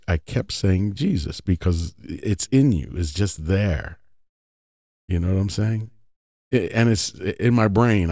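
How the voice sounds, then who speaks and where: Deep mellow guy explaining a religious point, chatty, keeps asking right?. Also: no echo, clean studio sound. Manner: conversational, often asks "right?". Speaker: religious teacher. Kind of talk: casual teaching monologue.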